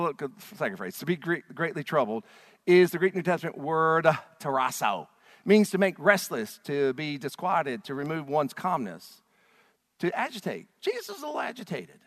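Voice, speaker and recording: A man preaching a sermon, swinging from hushed, low lines to loud, shouted ones. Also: big pitch swings, a little fast. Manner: dramatic swings from quiet to shouting. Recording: long hall reverb.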